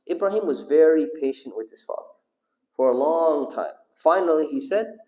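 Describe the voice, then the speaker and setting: A man's voice: on the high side, lively intonation, moderate pace, mellow. A man teaching a storytelling religious lesson, asking the audience questions and calling on listeners. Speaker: sheikh teaching a class. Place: mosque hall. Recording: echoey hall.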